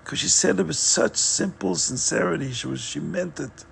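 A male podcast host tells a religious tale earnestly, often circling back over his words. His voice is strongly gravelly and husky, set a little high. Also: normal speed, a bit bright. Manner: earnest, repetitive retelling. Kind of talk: religious storytelling.

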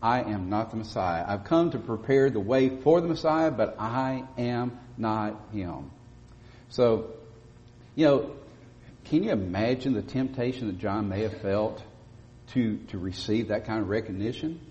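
A man preaching a sermon as pastor, speaking emphatically and rising to loud stresses on key words. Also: lowish voice, unhurried. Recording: dull lo-fi audio with long church reverb.

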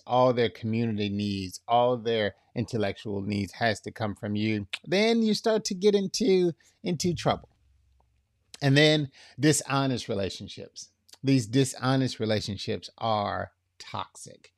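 A man gives a relaxed, conversational sermon, taking his time over each point. He keeps checking in with the congregation as he goes, and the recording is close and dry. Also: mid-range voice, no echo. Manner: casual, checks in with "right?", acts out quotes. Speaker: preacher teaching on relationships.

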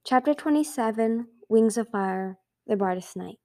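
A woman's voice: a little high, animated, normal speed, darkish tone. A woman reading a fantasy book aloud for her own amateur audiobook, in an earnest, plain way. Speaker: audiobook reader.

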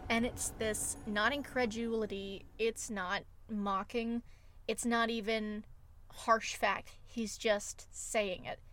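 A woman's voice: a little high, steady tone, takes it slowly, fairly bright tone, slight background noise. A woman co-hosting a podcast, retelling film scenes with emotive enthusiasm in casual chat. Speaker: podcast co-host.

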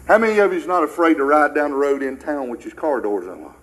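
A man's voice: a little high, expressive, quick pace, fairly bright tone, rough recording. An older American man preaching a sermon with emphatic rhetorical questions, his delivery surging and dropping.

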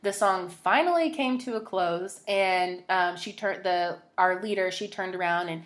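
A woman's voice: on the low side, measured pace. A young woman hosting a podcast, telling a personal story in a rambling, emotional way, full of "like" and restarts. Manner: rambling, emotional, heavy use of "like". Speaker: podcast host.

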